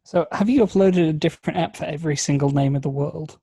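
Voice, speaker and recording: A man's voice: a little high, fast talker, mellow, slightly rough, no echo. A man co-hosting a podcast, chatting wryly about a film with jokey asides. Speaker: podcast co-host. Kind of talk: casual comedic film review.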